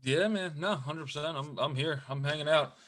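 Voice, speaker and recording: A man, a day trader, talking in an easygoing, halting way and often repeating his words. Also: fairly high pitch, fairly bright tone. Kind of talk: casual chat.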